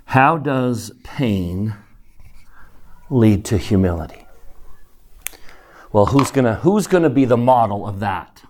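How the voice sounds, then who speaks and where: A middle-aged man teaching a scripture lesson in a classroom, animated and emphatic, putting questions to his class. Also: on the low side, takes it slowly, long pauses.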